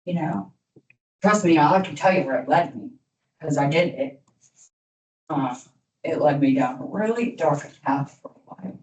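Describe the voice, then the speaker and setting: A woman's voice: low-pitched, animated, moderate pace, pauses often, darkish tone. A woman in her thirties giving a candid, rambling motivational talk to young people as an alumni speaker, full of "you know" asides. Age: 30s. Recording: echoey room from far off, faint noise.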